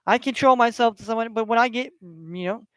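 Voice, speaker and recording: A man's voice: extremely high pitch, fairly quick, fairly bright tone, smooth, dry recording. A middle-aged man hosting his own sports livestream, talking bluntly with heavy cursing and lots of repetition, sometimes heated when he gets passionate. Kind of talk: solo livestream rant and score updates.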